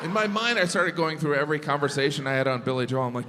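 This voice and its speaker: A man's voice: a little high, steady tone, quick pace, hardly any pauses. A man performing a stand-up comedy set, telling stories animatedly and acting out both sides of conversations. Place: large theater stage. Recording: live theater with long reverb and audience noise.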